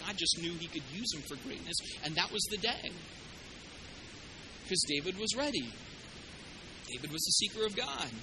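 A man preaching with a very high, piercing bright voice. He retells scripture casually, cracks jokes and suddenly gets loud when acting out lines. A faint room hum sits behind him. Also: low-quality recording. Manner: animated, joking, acts out quotes with sudden loud bursts. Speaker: pastor. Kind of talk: sermon.

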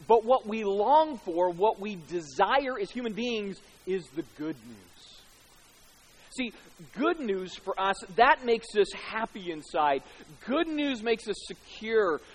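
Male preacher, very high voice, chatty sermon delivery, long hall reverb. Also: expressive, a little slow. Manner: conversational, tag questions, acts out quoted voices.

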